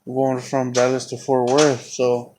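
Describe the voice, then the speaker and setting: A man's voice: mid-range voice, monotone, unhurried, background noise. A man hosting his own podcast, telling a story in a casual, rambling, heavily profane way. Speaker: podcast host.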